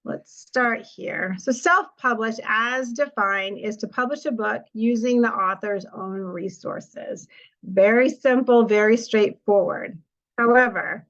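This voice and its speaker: A woman's voice: a little high, takes it slowly, a bit bright, lo-fi sound. A middle-aged woman giving a presentation as an author, telling stories in a chatty way and acting out what people said. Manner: chatty storytelling, acts out quoted lines. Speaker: author and speaker. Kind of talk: presentation with slides.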